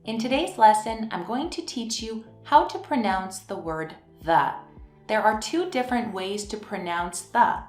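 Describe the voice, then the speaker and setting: A woman teaching English pronunciation in a scripted lesson, speaking slowly and enunciating each word clearly. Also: medium pitch, animated, roomy sound, soft background music. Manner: slow, clear, carefully enunciated.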